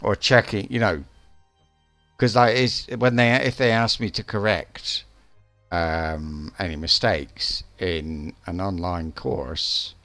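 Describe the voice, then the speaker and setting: A man's voice: deep voice, fairly even intonation, slow pace, sharp tone, no room sound, faint music behind. A man streaming a game live, chatting casually in a rambling, hesitant way with lots of restarts.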